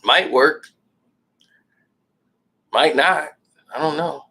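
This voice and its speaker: A man commentating his own football video game as he plays, excitable and shouting at big plays, grumbling when things go wrong. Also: fairly high pitch, very slow, vocal fry, breathy edge. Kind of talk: casual gaming commentary.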